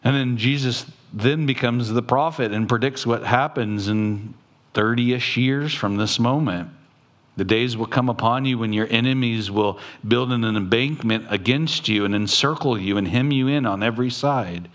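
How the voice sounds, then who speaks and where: A man preaching a sermon as a pastor, quoting scripture and talking plainly to the congregation, his voice rising at times. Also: fairly bright tone. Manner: preaching slowly, quoting scripture, with sudden rises in pitch.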